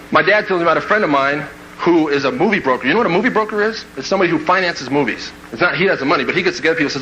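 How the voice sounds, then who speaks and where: Fast, bright-voiced storyteller man. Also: fairly high pitch, a little hiss or hum, poor audio. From Kansas, USA. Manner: animated, acts out scenes with sound effects and quoted voices. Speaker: motivational speaker. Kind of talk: storytelling speech to a live audience.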